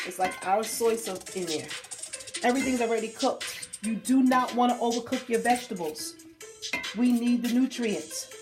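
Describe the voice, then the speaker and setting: A woman's voice: a little high, normal speed. A woman hosting a casual cooking demonstration, chatty and playful with cheerful exclamations as she cooks. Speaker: cooking show host. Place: kitchen at a hot stove. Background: sizzling pan and music.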